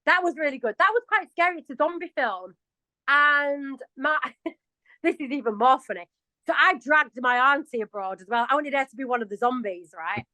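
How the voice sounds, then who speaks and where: A woman's voice: sits high, lively intonation, normal speed, bright, forceful tone, no echo, poor audio. A woman of forty-one with a Yorkshire accent, a chatty and self-mocking interview guest who laughs often. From England. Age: 40s. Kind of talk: casual interview chat.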